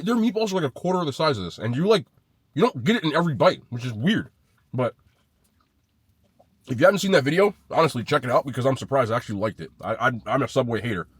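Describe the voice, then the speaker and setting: A man talks through a casual food review, blunt and loose with his swearing as he scores each sandwich. His voice sits at an ordinary middle pitch. The sound is close and dry, with no room around it. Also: fairly bright tone, breathy edge, no echo. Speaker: food vlogger.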